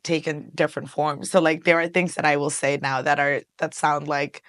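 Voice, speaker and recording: A woman's voice: sits low, steady tone, moderate pace, dry recording. A woman in her twenties from Colombia, a guest in a casual interview, who talks animatedly, laughs often and switches between English and Spanish.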